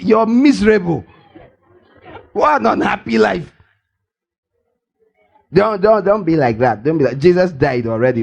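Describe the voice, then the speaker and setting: An older man preaching a lively sermon, teasing his listeners and acting out little scenes as he goes. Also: a little high, creaky, husky. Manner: playful and teasing, acts out scenes, laughs often. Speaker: pastor. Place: church hall.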